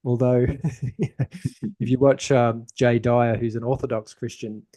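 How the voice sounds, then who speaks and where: Slow and mellow, this man's medium-pitched voice holds a steady tone while he hosts a podcast. The talk is casual, and he thinks out loud in a meandering way, frequently starting his sentences over.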